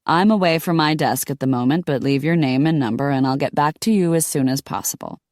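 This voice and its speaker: Bored man's voicemail message, flat and low, as a woman narrator reads it. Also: a little fast, dry recording, studio quality, lightly acted. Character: bored man on an answering machine. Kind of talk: audiobook character voice.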